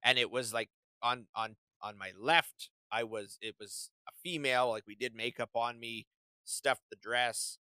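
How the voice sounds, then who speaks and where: A man's voice: medium pitch, fairly even intonation, a little slow, bright, forceful tone, smooth, no echo. A man co-hosting a podcast, telling a story in casual, rambling chat full of restarts. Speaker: podcast co-host.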